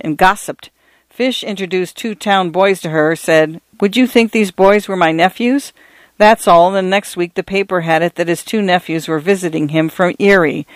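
A man's voice: high-pitched, no echo. A man voicing a genial, gossipy male priest in his fifties, telling stories in an easygoing way. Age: 50s. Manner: easygoing, anecdotal.

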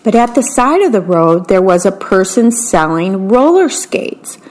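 A woman's voice: medium pitch, big pitch swings. A woman reading children's bedtime stories aloud for a volunteer reading-service radio program, describing the pictures as she goes. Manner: slow, gentle storybook reading, describing the pictures.

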